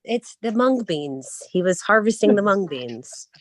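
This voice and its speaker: A woman chatting on a group voice call, quick and gushing as she talks. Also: mid-range voice, sing-song, no echo. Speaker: call guest. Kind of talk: casual group call chat. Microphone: online voice call.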